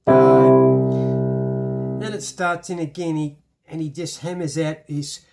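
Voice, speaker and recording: A man's voice: a little high, fairly even intonation, moderate pace. A man with an Irish accent teaching a casual piano lesson, chatty and self-deprecating, with many restarts. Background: piano playing.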